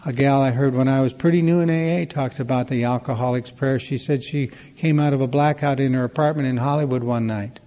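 A man's voice: medium pitch, fairly even intonation, brisk, hardly any pauses, mellow, long reverb tail. A man giving a storytelling talk at a recovery meeting, conversational and wry, acting out the dialogue in his stories.

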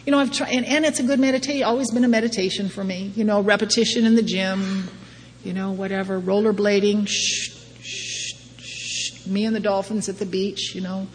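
A woman's voice: medium pitch, fairly even intonation, fast talker. A middle-aged woman giving a personal testimony talk at a recovery meeting, wry and self-deprecating, often laughing at herself. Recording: long hall reverb, faint background noise.

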